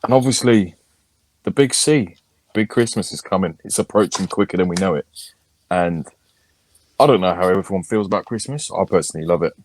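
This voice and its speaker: A man's voice: deep voice, brisk, pauses often, darkish tone. A man, co-hosting a podcast in a casual, crude, joking chat. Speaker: podcast co-host.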